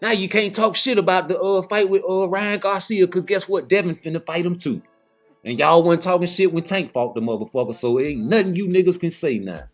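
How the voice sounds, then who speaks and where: A man's voice: high voice, fairly quick, faint music behind. A man giving heated, profane boxing commentary in a casual rant, blunt and repeating points for emphasis.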